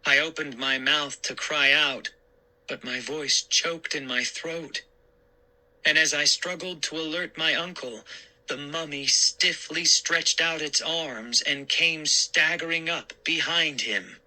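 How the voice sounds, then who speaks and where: A man narrating a spooky story in a measured, dramatic reading. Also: on the high side, sharp tone, rough recording.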